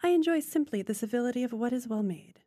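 A woman's voice: a little high, expressive, quick pace, dark tone, no echo, studio quality. A woman reading the lines of a composed, restrained middle-aged daughter.

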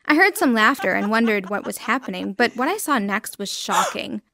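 A woman narrating a dramatic first-person story with expressive delivery. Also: fairly high pitch, normal speed, creaky, heavy background noise.

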